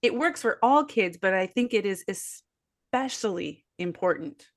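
A woman's voice: medium pitch, lively intonation, normal speed. A mother of boys in casual conversation, earnest and explanatory. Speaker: parenting podcast host or guest, mother of boys.

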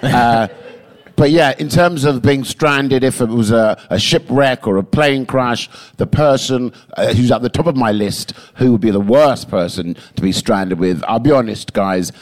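A man telling comic stories as a guest on a live podcast, animated and profane, checking in with the listener as he goes. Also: mid-range voice, moderate pace. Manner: animated, swears freely, punchy asides; keeps checking in with "right?". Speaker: guest comedian.

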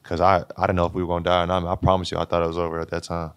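Deep-voiced young man telling a story. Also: very fast, smooth, no room sound. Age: 20s. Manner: animated, laughing storyteller, acts out quotes. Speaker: guest, college basketball player. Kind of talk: casual storytelling interview.

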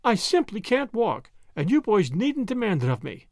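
A woman's voice: medium pitch, very animated, moderate pace, darkish tone, dry recording, studio quality, voice pushed up. A man voicing a short, stout, flustered middle-aged woman who complains in a whiny, pleading way. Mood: complaining.

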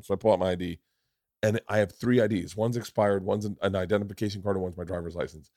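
A young adult comedian telling a story in casual podcast chat, jumping into high voices to act out the people he quotes. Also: quick pace, dry recording, studio quality. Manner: animated, jumps to high pitch acting out quoted people. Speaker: comedian guest.

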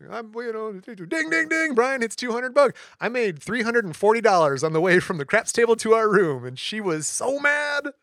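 Animated male storyteller, dry close mic. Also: very high-pitched, normal speed, few pauses, dry recording. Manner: animated anecdote teller, acts out quotes. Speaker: podcast co-host. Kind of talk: casual storytelling chat.

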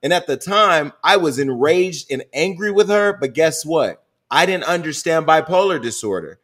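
A man's voice: a little high, expressive, moderate pace, a bit bright. A middle-aged man hosting a podcast, talking bluntly and with plenty of swearing in candid casual chat. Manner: blunt, profane, storytelling. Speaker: podcast host.

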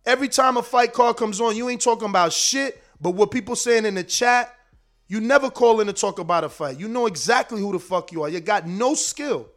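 Casting: high-pitched male streamer, fiery profane boxing rant, slangy. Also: fairly bright tone. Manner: heated, profane, slangy, rapid. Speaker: boxing commentator, show host. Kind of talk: casual livestream rant.

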